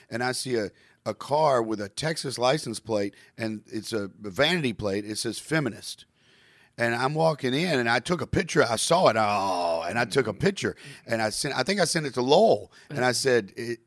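A man co-hosting a comedy podcast, telling stories in a loose, animated way and often repeating his words. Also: mid-range voice, moderate pace, dry recording, clean studio sound. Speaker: podcast co-host. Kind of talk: casual comedy chat.

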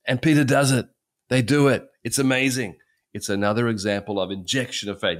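A man's voice: lowish voice, fairly quick. A man in his sixties preaching, telling stories in a conversational way that repeats and restarts phrases. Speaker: pastor. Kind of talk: sermon storytelling.

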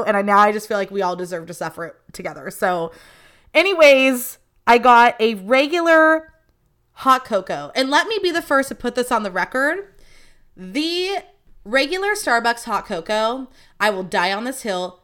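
A woman's voice: medium pitch, a bit bright. A young woman hosting a podcast, telling stories in a chatty, profane, casual monologue. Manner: chatty, profane, acts out quoted voices. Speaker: podcast host.

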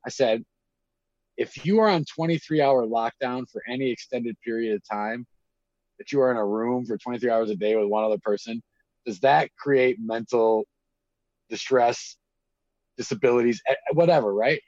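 A man, telling stories in casual chat, animated and acting out quotes with lots of fillers and swearing. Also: mid-range voice, moderate pace, no echo. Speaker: guest telling prison stories. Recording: dull lo-fi dry recording.

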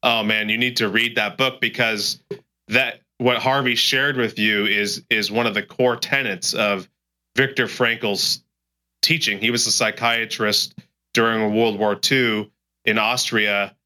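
A man's voice: lowish voice, fairly even intonation, a little slow, bright, forceful tone. A man hosting an interview, reacting with enthusiasm and explaining history to his guest. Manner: enthusiastic, informative. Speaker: podcast host. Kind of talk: conversational interview.

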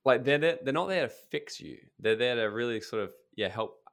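A man on a podcast, speaking as a coach in casual chat, blunt and emphatic, swearing freely and telling stories with quick asides. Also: medium pitch, expressive, fairly bright tone.

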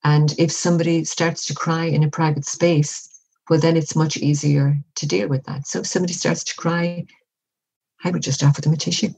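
A woman speaking as an interview guest, giving measured, reflective advice and often acting out example conversations. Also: sits low, flat delivery, vocal fry, a little mellow, breathy edge, low-quality recording. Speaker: workplace wellbeing guest.

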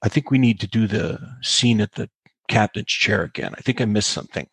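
A man's voice: on the low side, a little fast, creaky, a bit bright, breathy edge, no room sound, full character voice. A man putting on an impression of a grand, self-important older star actor, hammy and theatrical. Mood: grandiose.

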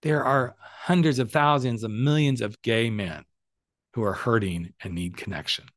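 A middle-aged man talks straight into a dry, close podcast mic, coaching his listeners with lively emphasis and casual swearing. His voice sits at an ordinary middle pitch and swings up and down as he gets worked up. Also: normal speed, no room sound. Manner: animated, emphatic, swears freely. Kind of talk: casual motivational monologue.

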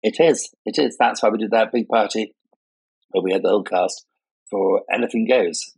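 In a conversational interview, a guest who designs parties and weddings, an older man raised in Scotland yet without any Scottish accent, sounding English, tells self-deprecating, playful stories. He speaks at a moderate pace in a fairly low, darkish voice with a breathy edge, recorded with no room sound and roughly.

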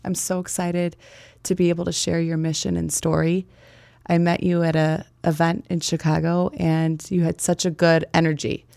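A woman's voice: fairly low pitch, little pitch movement, moderate pace, gravelly, warm tone, no room sound, clean studio sound. A woman hosting a podcast, welcoming a guest in an upbeat way and asking him questions. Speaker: podcast host. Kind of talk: scripted podcast intro and interview questions.

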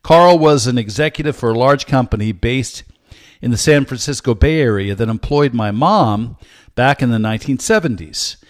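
An older man in his sixties hosts a podcast and teaches from the Bible in a steady, earnest way, pausing on small hesitant fillers. His voice sits at an ordinary middle pitch for a man. It was recorded close and dry, with no room sound. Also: no echo. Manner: earnest, measured, with frequent "uh" fillers. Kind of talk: solo podcast teaching talk.

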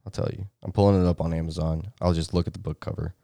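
A man's voice: deep voice, flat delivery, fast, creaky, mellow, dry recording, clean studio sound. A man with a cold co-hosting a casual chat, easygoing and teasing. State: has a cold. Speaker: podcast co-host.

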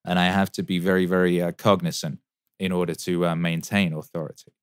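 A musician and show host in his thirties answers chat during a casual livestream Q&A, rambling, swearing freely and using plenty of fillers. His lowish voice is clear and resonant, fairly quick, with a flat delivery despite his enthusiasm, and the sound is dry and close with no room echo.

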